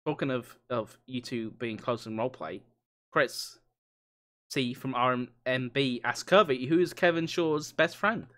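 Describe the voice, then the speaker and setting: A man's voice: mid-range voice, unhurried, a bit bright. A man hosting a podcast, chatting casually and encouraging his guests. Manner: encouraging, upbeat. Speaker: podcast host. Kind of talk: casual chat.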